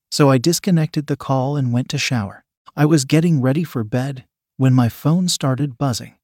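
A man telling a first-person story in a calm, even storytelling voice. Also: medium pitch, dry recording, studio quality. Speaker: narrator.

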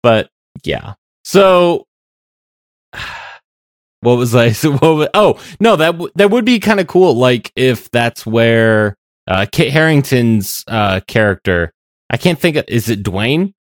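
A man co-hosting a casual podcast chat, rambling and hesitant with frequent pauses to find his words. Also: medium pitch, very animated, no echo, clean studio sound. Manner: rambling, hesitant, many fillers and restarts. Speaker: podcast co-host.

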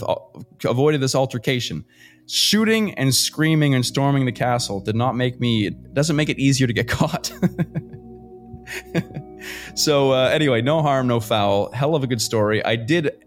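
A man from Canada, a podcast guest, telling a story in a lively, casual way with fillers and casual swearing. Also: mid-range voice. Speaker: guest adventurer. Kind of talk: animated storytelling.

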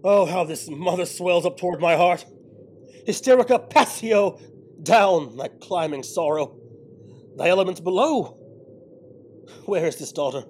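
A man's voice: sits high, animated, a little slow, long pauses, a little hiss or hum, rough recording. An actor playing an aged, proud and grief-stricken king in an audio drama, swinging from bellowing rage to broken murmurs. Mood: grieving. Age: older.

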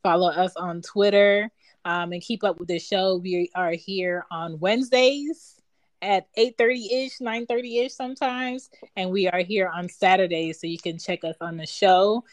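A woman co-hosting a casual podcast chat, telling stories with lively quoted voices and frequent laughs. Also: medium pitch, measured pace, no echo. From moved to Atlanta as a teen. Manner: animated storytelling, laughs often. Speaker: podcast co-host.

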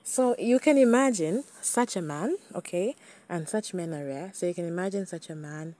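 A woman's voice: on the low side, moderate pace, mellow. A young woman hosting a podcast, talking candidly and chattily to her listeners. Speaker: podcast host. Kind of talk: casual solo podcast talk.

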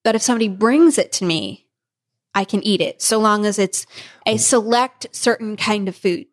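A pregnant woman chatting on a podcast at a middle pitch, animated and laughing often. She acts out the voices of the people in her story as she tells it. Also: normal speed. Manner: animated, laughing often, acting out family members' lines. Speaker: podcast co-host. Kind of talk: casual storytelling chat.

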